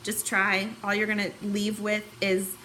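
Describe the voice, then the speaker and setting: A woman's voice: mid-range voice, completely flat delivery, measured pace, pushed and bright, slight background noise, poor audio. A woman in her thirties giving a candid, chatty personal testimonial about a fitness challenge, at times tearful and emotional. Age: 30s. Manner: candid, chatty, many fillers.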